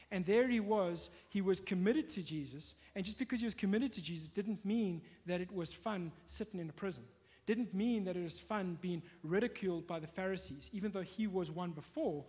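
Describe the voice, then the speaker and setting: A man's voice: high voice, darkish tone. Guy giving a laid-back sermon, lots of ums and restarts, church hall echo. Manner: conversational, with fillers and restarts. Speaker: preacher. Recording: long hall reverb.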